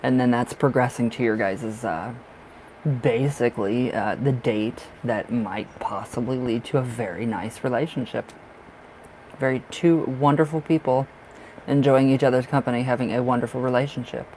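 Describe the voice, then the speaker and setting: In a casual live-stream chat, a chatty, effusive man reads tarot cards for his viewers, gushing over their love lives and calling them darling. His voice is mid-range, steady, a little mellow and at normal speed, with a faint room hum on a low-quality recording.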